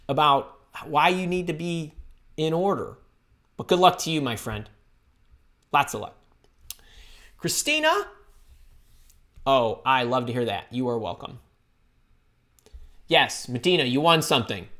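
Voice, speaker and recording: A woman recruiter and career coach hosting a live-stream Q&A, chatty and energetic, greeting viewers by name and telling stories. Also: lowish voice.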